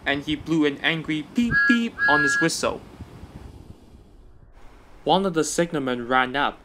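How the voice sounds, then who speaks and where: A man's voice: a little high, measured pace, background noise. Man narrating a storybook tale.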